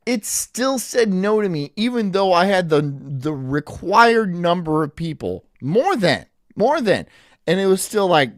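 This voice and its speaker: A man's voice: sits high, big pitch swings, a little slow, no echo, studio quality. A man hosting a live stream, chatting casually and mocking himself as he rambles and laughs at his own jokes. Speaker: streamer host. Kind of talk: casual live-stream chat reacting to a video.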